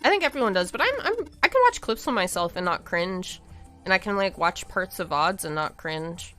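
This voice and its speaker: Giggly, animated woman streamer. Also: on the low side, moderate pace, faint music behind. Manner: giggly and animated, chatting with viewers. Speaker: streamer playing a visual novel. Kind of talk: casual live-stream chat, reading game lines aloud.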